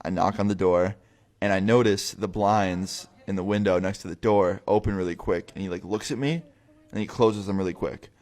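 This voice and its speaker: A man's voice: low-pitched, steady tone, moderate pace, a little mellow. A young man telling a story casually, swearing a lot and rambling with many fillers.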